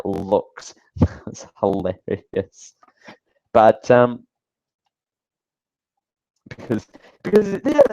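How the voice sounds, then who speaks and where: A man's voice: lowish voice, gravelly, a little mellow, dry recording, low-quality recording. A man hosting a live talk show, giving casual, sarcastic commentary that rambles with fillers and restarts. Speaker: show host.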